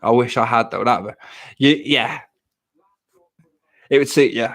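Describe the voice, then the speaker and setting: This Plymouth, England man speaks with a broad Janner accent as he hosts a casual livestream chat, rambling and joking at his own expense. His mid-range voice is a bit bright and a little slow.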